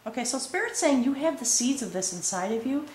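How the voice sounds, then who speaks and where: A woman giving a spiritual tarot reading, earnest and full of pauses, often checking in with "okay?". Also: high voice, lively intonation, darkish tone, a little hiss or hum. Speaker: tarot reader. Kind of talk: spoken tarot reading to camera. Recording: echoey room with faint ambience.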